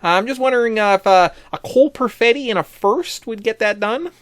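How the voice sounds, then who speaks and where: A man putting on a Canadian accent to play a folksy middle-aged hockey manager who hesitantly pitches a trade over the phone. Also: brisk, fairly bright tone, no room sound, clean studio sound. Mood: chummy. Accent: put-on Canadian. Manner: chummy, hesitant phone-call banter.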